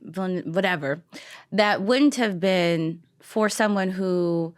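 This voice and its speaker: A woman co-hosting a podcast in casual chat, animated and opinionated, laughing often. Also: on the low side, takes it slowly. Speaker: podcast co-host.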